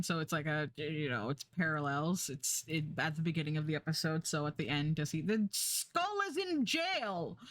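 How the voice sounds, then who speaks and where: A woman's voice: sits low, fairly bright tone, dry recording, clean studio sound. A woman streamer chatting casually, rambling with lots of fillers and restarts, swearing and laughing as she recaps a show while doing a puzzle. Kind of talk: casual chat.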